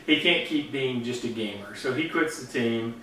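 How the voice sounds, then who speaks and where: A man's voice: medium pitch, pushed and bright, slight background noise. Rambling man recapping a show, echoey room. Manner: rambling retelling with quick voice impressions. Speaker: co-host of a review show. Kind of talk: casual review chat. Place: basement movie room. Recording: echoey room, mic far off.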